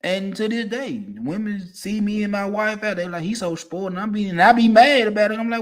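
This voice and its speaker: A man, ranting casually and profanely, swinging from low mutters to loud, emphatic bursts. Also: brisk, few pauses. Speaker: streamer giving opinions.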